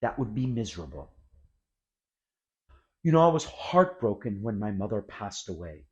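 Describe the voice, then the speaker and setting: A man teaching English expressions, explaining each word in an energetic classroom manner and acting out the example sentences. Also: fairly low pitch, moderate pace, muffled recording. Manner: animated, acts out example sentences.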